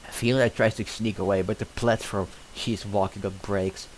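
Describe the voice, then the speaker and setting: A man's voice: lowish voice, fairly even intonation, moderate pace, slight background noise, rough recording. A man streaming, casually chatting and reading script narration aloud in a loose, offhand way. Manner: loose and offhand, with filler words.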